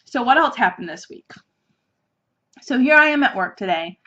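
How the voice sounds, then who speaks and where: A woman in her thirties hosts a casual podcast, her voice sitting a little high. She tells everyday stories in an animated, chatty way and breaks into laughter often. The recording is dull and lo-fi. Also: normal speed. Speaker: podcast host. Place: office.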